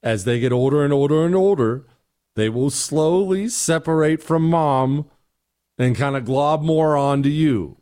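A man's voice: on the high side, measured pace, a little mellow, smooth. A middle-aged man hosting a talk show, giving blunt, exasperated opinions and answering listener emails. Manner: blunt, exasperated ranting with mock quotes.

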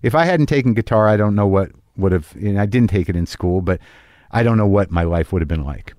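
A man's voice: on the low side, a little fast, a little mellow, no echo, studio quality. A middle-aged man hosting a podcast, talking in a casual solo monologue, rambling and self-deprecating with plenty of restarts and fillers. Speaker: podcast host.

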